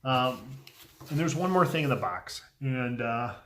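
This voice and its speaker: A man hosting a casual unboxing vlog, speaking earnestly and heartfelt, a little emotional, often trailing off softly with ums between thoughts. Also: medium pitch, animated, a little slow. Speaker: pipe tobacco video host.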